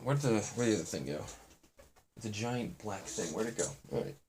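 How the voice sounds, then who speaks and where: Low-voiced young man rambling on a stream. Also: animated, moderate pace. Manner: meandering, self-deprecating, lots of fillers. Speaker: live streamer. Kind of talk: rambling live-stream chat while building. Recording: noisy, with keyboard and brick clicks.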